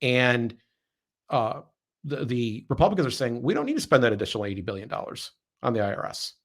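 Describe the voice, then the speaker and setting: A man's voice: medium pitch, big pitch swings, a little fast. A man hosting a political podcast, sarcastic and emphatic, often repeating words as he builds a point. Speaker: podcast host. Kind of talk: political commentary chat.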